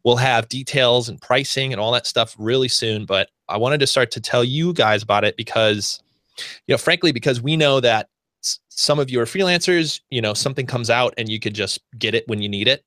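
A man's voice: medium pitch, brisk, fairly bright tone, no room sound, clean studio sound. An American man hosting a podcast, chatting casually and rambling with many restarts and fillers. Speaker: podcast host.

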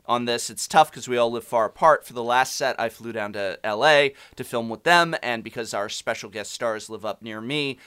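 A man's voice: mid-range voice, pushed and bright, clean tone. A man co-hosting a casual podcast, talking about collectible card games with a dry, mock-formal sense of humor. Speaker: podcast co-host, card game reviewer.

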